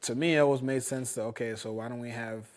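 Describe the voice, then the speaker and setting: A young man as a guest in a casual interview, relaxed, often trailing off softly with fillers. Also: medium pitch, fast. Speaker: guest, juice shop owner.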